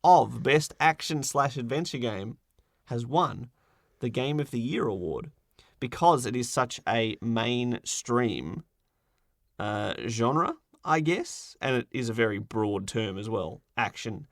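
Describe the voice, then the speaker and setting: A man's voice: medium pitch, expressive, no echo, clean studio sound. A man co-hosting a gaming podcast, chatting casually and playfully as he runs through award winners. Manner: playful, jokey, runs through lists quickly. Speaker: podcast co-host.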